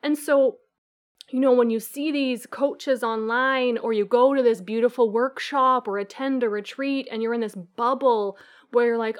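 A woman coach giving an earnest, animated answer in a podcast interview, acting out the voices of her clients. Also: fairly high pitch, normal speed. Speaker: guest coach.

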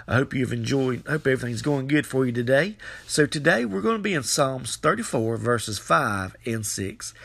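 A man's voice: very animated, normal speed, creaky, a bit bright. A man preaching a devotional podcast sermon, repeating phrases and growing fervent as he urges listeners on. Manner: repetitive, fervent, rising pitch when exhorting.

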